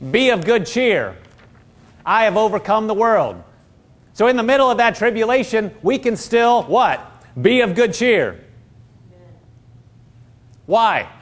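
A middle-aged pastor preaching a sermon in a fairly high voice. He quotes scripture and calls out to his congregation for answers. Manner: preaching with call-and-response, quoting scripture.

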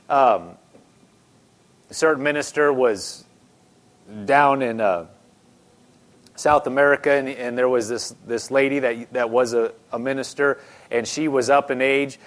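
A man preaching a sermon in a conversational style, slowing down and stressing key phrases. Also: mid-range voice.

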